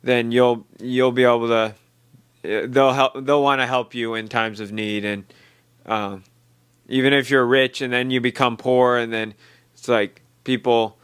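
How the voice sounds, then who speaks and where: A man hosting a casual chat, summarizing his guest's point in a halting way. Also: mid-range voice, steady tone, fairly bright tone, smooth, dry recording, clean studio sound. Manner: summarizing, halting, says "bro". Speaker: host.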